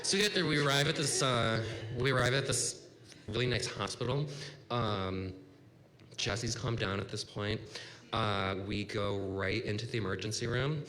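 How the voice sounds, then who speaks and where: Speaking at moderate pace with a lowish voice and sharp tone, a man in his thirties tells a personal story at a story slam in a bar. His delivery is casual, rambling, and packed with "like," captured in a reverberant, faintly noisy room.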